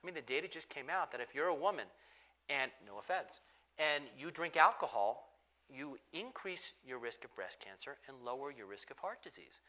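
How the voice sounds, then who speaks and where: A man speaks as a doctor on a forum panel. His voice is bright and forceful at an average pitch, and he pushes his explanations along emphatically. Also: expressive, moderate pace. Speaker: physician panelist. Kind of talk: panel discussion.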